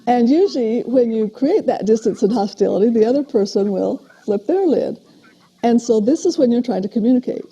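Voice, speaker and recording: An older woman, a parent educator, giving a steady, explanatory lecture on parenting in a recorded talk. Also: fairly high pitch, breathy edge. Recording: dull lo-fi video playback.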